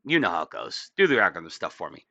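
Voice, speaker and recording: A man's voice: deep voice, very animated, fast talker, gravelly, sharp tone, no echo, dull audio. Tired, crude man reading the news. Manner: crude, sarcastic, stumbling over reading with many uhs. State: tired, yawning. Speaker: political commentary channel host. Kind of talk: profane political commentary, reading news aloud.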